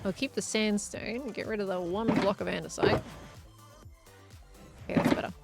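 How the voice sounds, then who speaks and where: A woman's voice: medium pitch, moderate pace, gravelly, over loud music. A young woman chatting casually while streaming a game, musing aloud and laughing often. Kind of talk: casual live-stream chat while gaming.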